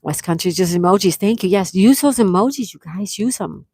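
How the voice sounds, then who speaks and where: A woman's voice: mid-range voice, fairly quick, breathy edge, no echo, clean studio sound. Gushing woman reading live chat. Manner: excited, gushing thanks, frequent gasps. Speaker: livestream host.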